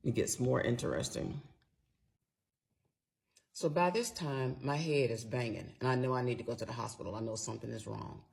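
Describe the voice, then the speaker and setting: A middle-aged woman tells her own story straight to her viewers. Her voice has a gravelly, creaky edge, and she talks with animated emphasis, cursing freely as she goes. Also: a bass voice, moderate pace, long pauses. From Atlanta, USA. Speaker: storyteller recounting personal experience.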